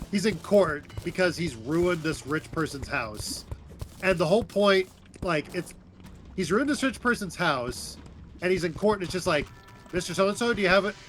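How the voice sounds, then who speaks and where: A man's voice: a little high, unhurried, faint music behind. A man co-hosting a gaming stream, chatting casually and retelling scenes with quoted lines. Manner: animated storyteller, quotes lines. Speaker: streamer co-host. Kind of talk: casual chat while gaming.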